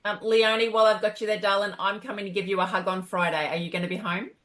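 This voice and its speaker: A woman co-hosting an online session, brisk and friendly, keeping things moving. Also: mid-range voice, flat delivery, fairly bright tone. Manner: brisk, friendly, short replies. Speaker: session co-host. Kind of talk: hosting group video call.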